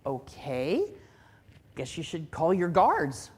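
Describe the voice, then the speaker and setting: Woman voicing a gentle old sage in a told parable, low, hushed and husky. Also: sing-song, heavily acted. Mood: gentle, calm. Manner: soft, gentle and unhurried. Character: calm kindly old male wise man.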